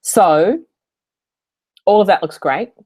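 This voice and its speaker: A woman's voice: fairly low pitch, expressive, slow pace, dark tone, husky. A woman coaching in a casual, chatty live Q&A from a hotel room, wandering into side stories and laughing as she goes. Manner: chatty, digressive, laughs often. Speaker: online business coach hosting office hours.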